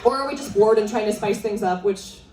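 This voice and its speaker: A young woman does a stand-up set on a live club stage, teasing the crowd conversationally in a brisk, mid-range, somewhat dark voice. There's slight background noise, and the venue sounds roomy and distant, with laughter from the audience.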